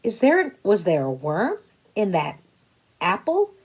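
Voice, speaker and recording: A woman voicing a kindly, patient mother of five in a children's story, speaking gently and playfully and stretching out sounds. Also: mid-range voice, wildly swooping pitch, slow, husky, full character voice. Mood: fond, amused.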